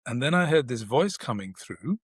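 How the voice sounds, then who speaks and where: A man in his sixties speaks with a standard British accent, measured and reflective, with small restarts as he thinks. His voice sits in a middle register and the sound is dry and close. He talks as a guest in an unhurried interview. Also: medium pitch, big pitch swings, slightly rough, no room sound. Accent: standard British English. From South Asia, raised in the United Kingdom. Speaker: guest, neurologist. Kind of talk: thoughtful conversational interview.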